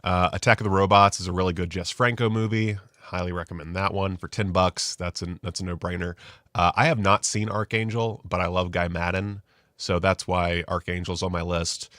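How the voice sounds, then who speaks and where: Low-voiced male host, loose rambling delivery, dry close mic. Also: steady tone, moderate pace, a bit bright, no room sound. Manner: rambling, self-deprecating, loose and profane. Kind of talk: casual live-stream chat.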